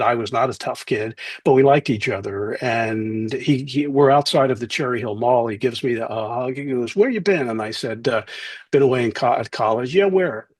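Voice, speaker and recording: A man's voice: mid-range voice, no room sound. A middle-aged man telling wry stories in an interview, acting out the voices of people he quotes. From New Jersey, USA. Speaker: author and guest. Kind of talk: interview storytelling.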